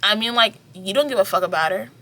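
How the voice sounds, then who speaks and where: A woman's voice: medium pitch, fast talker, pushed and bright. A woman voicing a smug, scheming rich boy. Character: scheming rich male teen, smug and cruel.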